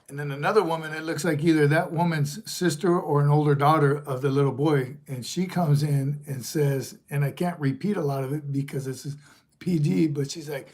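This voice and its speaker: A man's voice: fairly high pitch, fairly even intonation, normal speed, a little mellow. Rambling middle-aged man hosting a livestream. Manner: rambling, reads viewer comments aloud. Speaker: livestream host, retired Marine sergeant major. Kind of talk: casual livestream chat.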